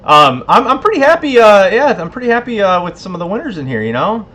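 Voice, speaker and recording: A man's voice: high-pitched, big pitch swings, quick pace, bright, forceful tone. A man hosting a casual livestream giveaway, laid-back, a bit tipsy and laughing often. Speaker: livestream host.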